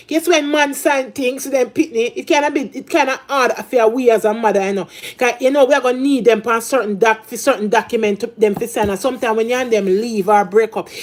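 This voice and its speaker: A middle-aged Jamaican woman with a high voice rants in thick patois, scolding and repeating herself. She talks casually to her audience. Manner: loud, scolding, patois-heavy. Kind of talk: ranting casual talk.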